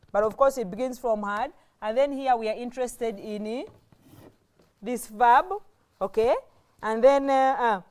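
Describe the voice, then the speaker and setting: A fairly high-pitched woman with a Ugandan English accent teaches a grammar lesson in a classroom. She explains things step by step and poses rhetorical questions.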